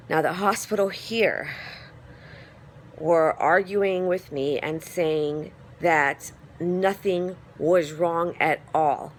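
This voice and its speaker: A woman's voice: fairly low pitch, slight background noise. A woman giving a casual phone vlog update, telling her story in a rambling way with lots of fillers. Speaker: vlogger.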